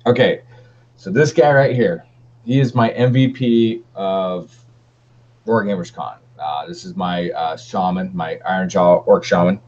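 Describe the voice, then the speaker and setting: A man's voice: low voice, unhurried, a little mellow, slight background noise. A man co-hosting a wargaming podcast in a laid-back, rambling chat with many fillers. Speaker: podcast co-host. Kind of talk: casual chat. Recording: dull lo-fi stream audio.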